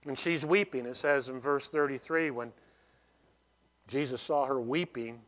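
A man's voice: mid-range voice, unhurried, fairly bright tone. A man preaching a sermon in a conversational way, often restarting phrases and adding "you know" as he explains a passage. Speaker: pastor.

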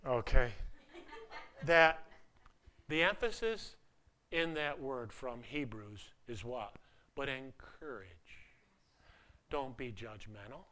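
A man's voice: medium pitch, animated, slow, long pauses, pushed and bright. A man preaching a sermon to a congregation in a loose, conversational way, often restarting his sentences and joking at his own expense. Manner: conversational, self-deprecating preaching with many repeated starts. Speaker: pastor.

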